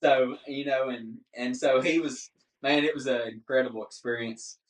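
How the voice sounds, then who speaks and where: Man, 30s, lively podcast guest, mid-pitch, recorded off-mic in an echoey room. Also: normal speed, a crowd in the background. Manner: animated, laughs often, says "dude" a lot. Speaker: guest hunter. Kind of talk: casual storytelling on a podcast. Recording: roomy, distant mic.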